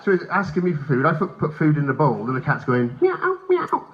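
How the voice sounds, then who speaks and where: A male stand-up comedian performs live on a hotel stage, telling profane stories and animatedly acting out characters. His voice is fairly high and fast, captured by a handheld mic in a dull live recording with faint room ambience.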